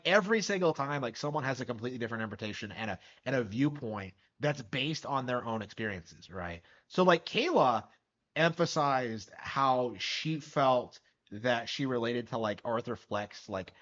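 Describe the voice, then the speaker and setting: Guy streaming a reaction, lively up and down voice, kinda muffled lo-fi sound, talks around in circles. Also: medium pitch. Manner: skeptical, incredulous, rambling with many "like" fillers. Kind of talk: live stream reaction commentary.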